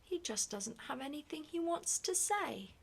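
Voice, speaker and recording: A woman's voice: sits high, animated, normal speed, vocal fry, voice pushed up. A woman whispering as a protective nursemaid. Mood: gentle. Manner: pleading, earnest. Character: anxious, protective older nursemaid. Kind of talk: whispered role-play.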